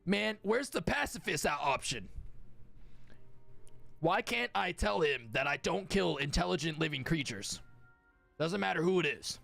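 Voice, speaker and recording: A hoarse young man chatting casually and crudely while streaming a game, joking at his own expense. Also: a little high, animated, unhurried, pauses often, a bit bright, faint music behind. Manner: profane, joking, self-mocking. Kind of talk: casual live gaming stream chat.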